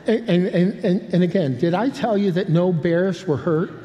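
A man's voice: sits high, unhurried, mellow, dull audio, slight background noise. An older man preaching a sermon, telling a story with many restarts and humorous asides. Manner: rambling, self-interrupting with humorous asides. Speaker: pastor. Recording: long hall reverb.

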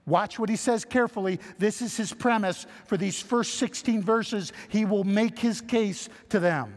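A man's voice: high-pitched, measured pace, few pauses, in a large hall. A man preaching an expository sermon in a conversational, earnest manner, reading scripture aloud, asking rhetorical questions and voicing imagined objectors. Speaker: pastor.

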